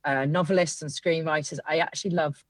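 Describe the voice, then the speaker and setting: A woman's voice: deep voice, fairly even intonation, brisk, dry recording. A woman guest copywriter chatting casually on a podcast, rambling with lots of fillers.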